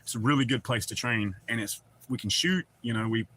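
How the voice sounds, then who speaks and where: A man's voice: medium pitch, brisk, fairly bright tone, breathy edge. A middle-aged man with a Southern accent chats loosely on a livestream, rambling and reading out viewer comments with casual swearing. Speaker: livestream host.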